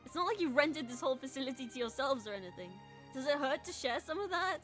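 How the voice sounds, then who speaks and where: A woman's voice: high voice, animated, fast, a bit bright, faint music behind. A woman voicing a brash scavenger from a game, speaking in a raised, indignant voice. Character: brash, pushy scavenger arguing for cash.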